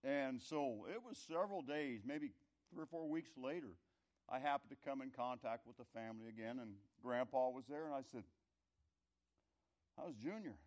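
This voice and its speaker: A middle-aged or older man telling a folksy, rambling story in a conversational sermon, his loudness rising and falling. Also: mid-range voice, a little fast. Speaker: speaker telling a story to an audience.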